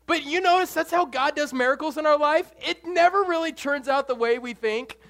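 Male preacher, high voice, animated and jokey delivery. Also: moderate pace. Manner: animated, jokey, swings between soft and loud. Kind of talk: sermon.

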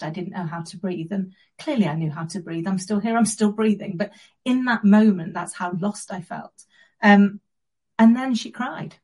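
Earnest woman guest with a warm, raspy tone, speaking reflectively. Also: mid-range voice, rough recording. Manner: earnest and reflective, with soft pauses. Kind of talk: personal story in an interview.

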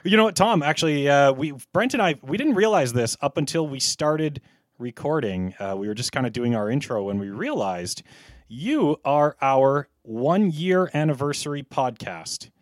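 Halting podcast host, man. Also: a little high, lively intonation, no room sound. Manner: halting, lots of fillers and restarts. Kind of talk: casual podcast interview.

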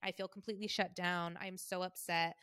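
A woman in her thirties tells her own story on a podcast, wry and conversational, often dropping to a soft, hurt tone. Her voice is bright and clear. The recording is dry and close. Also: on the low side, little pitch movement, brisk, no room sound. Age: 30s. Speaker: podcast host. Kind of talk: personal storytelling monologue.

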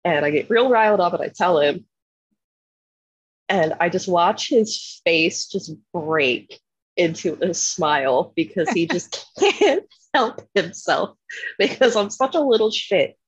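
A woman from Philadelphia telling a profane, animated story in casual podcast chat, laughing often. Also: fairly low pitch, takes it slowly, husky, no room sound, low-quality recording. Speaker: podcast co-host.

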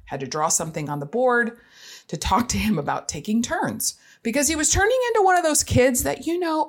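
A woman in her thirties or forties, a parent telling a frank, self-deprecating story, laughing easily as she goes. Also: lowish voice. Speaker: parent sharing experiences. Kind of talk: candid storytelling monologue.

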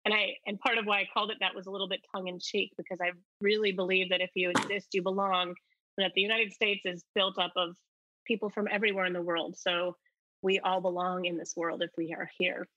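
Woman guest, reflective and earnest, deep morning voice, crisp tense tone, dry muffled lo-fi line. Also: level tone, fast talker, sharp tone, no room sound. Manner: earnest and reflective, many fillers. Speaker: documentary filmmaker guest. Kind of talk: conversational interview answer.

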